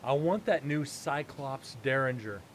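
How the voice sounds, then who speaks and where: A man's voice: medium pitch, expressive, a little slow, slight background noise. Chatty man telling a story on stream. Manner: chatty, acts out both sides of dialogue. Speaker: live stream host. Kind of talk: casual anecdote telling.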